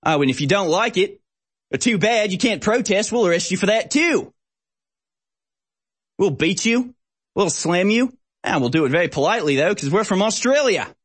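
Man putting on a blustering police officer, raised pitch, mocking threats, heavy-handed. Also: steady tone, brisk, hardly any pauses, slightly rough, natural voice. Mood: mocking menace.

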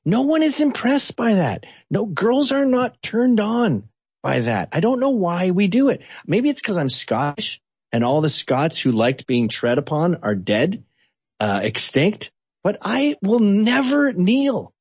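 A man from Canada giving blunt, animated political opinions as an interview guest. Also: a little slow, breathy edge, no room sound, muffled recording. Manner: blunt, animated, sweeping pitch swings.

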